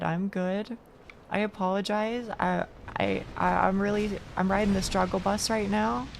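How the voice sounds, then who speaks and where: A woman's voice: mid-range voice, vocal fry, a little hiss or hum. A young woman streaming a video game to her chat, swearing freely and joking at her own expense. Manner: swears freely, talks to chat, self-mocking. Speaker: VTuber streamer. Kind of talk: casual gaming stream chat.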